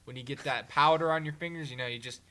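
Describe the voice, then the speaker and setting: A man's voice: fairly high pitch, fast, bright, forceful tone. A young man co-hosting a casual podcast, joking and rambling about snacks. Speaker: podcast co-host. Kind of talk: casual chat.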